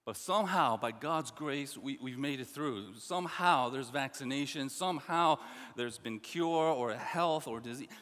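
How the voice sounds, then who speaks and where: A man preaching a sermon as pastor, emphatic and repetitive, swinging between loud stresses and quiet asides. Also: medium pitch, unhurried, in a large hall.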